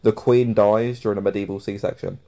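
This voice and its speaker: Chatty English man, lower voice. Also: level tone, normal speed, mellow. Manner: chatty, storytelling, laughs often, swears freely. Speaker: podcast co-host. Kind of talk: casual podcast chat.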